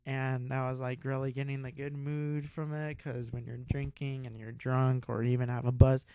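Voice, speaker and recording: A young man hosting a podcast, telling a rambling, excitable story with a lot of swearing and laughter. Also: mid-range voice, moderate pace, smooth, no room sound. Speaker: podcast host. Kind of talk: casual storytelling.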